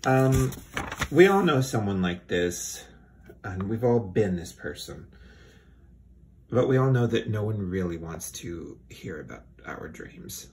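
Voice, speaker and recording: A man's voice: lowish voice, big pitch swings, slow, darkish tone, slight background noise. Dry sarcastic man reading aloud. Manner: dry, sardonic asides. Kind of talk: sarcastic comedic book reading.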